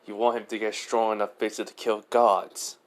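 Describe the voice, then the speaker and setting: A man's voice: on the low side, level tone, brisk, natural voice. A man voicing a solemn, formal male servant of a goddess.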